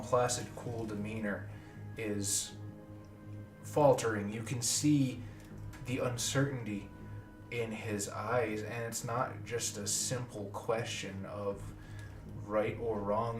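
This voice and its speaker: A man's voice: on the low side, far from the mic. Man, game master, casual profane narration, roomy echo, faint music.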